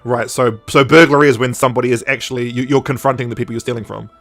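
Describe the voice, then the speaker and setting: A man's voice: mid-range voice, steady tone, rapid-fire, fairly bright tone, faint music behind. A man co-hosting a podcast, chatting casually and rambling through jokes and silly impressions. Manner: rambling, jokey, mimics characters with sound effects. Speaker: podcast co-host. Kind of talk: casual chat.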